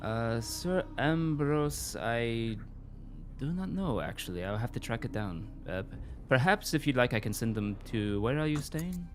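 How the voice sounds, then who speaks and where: A man's voice: medium pitch, big pitch swings, a little slow, faint music behind. A man voicing a courteous city informant with a vague generic European accent, speaking hesitantly in a tabletop role-play. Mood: helpful. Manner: hesitant, courteous, full of ums. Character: helpful male city informant and tracker.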